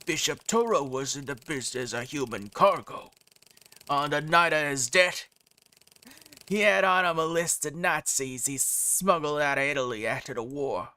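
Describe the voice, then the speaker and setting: A game streamer voicing a secretive older male caller who speaks slowly and gravely with a wavering put-on accent. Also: steady tone. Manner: slow, low, hushed delivery with a wavering put-on accent.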